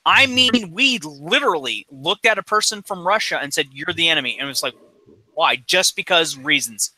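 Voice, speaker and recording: A man in his forties rants bluntly on a podcast, swearing freely. His voice is a touch high for a man and very bright and forceful. The sound is dry and close, with no room around it. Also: very animated, moderate pace, no room sound, rough recording. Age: 40s. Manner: blunt, profane ranting. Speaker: podcast co-host. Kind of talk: casual chat.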